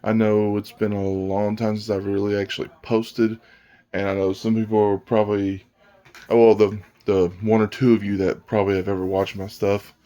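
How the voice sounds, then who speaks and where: A man's voice: lowish voice, little pitch movement, moderate pace, warm tone, muffled recording. A man vlogging about games in a blunt, rambling casual rant, often restarting his sentences. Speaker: gaming vlogger.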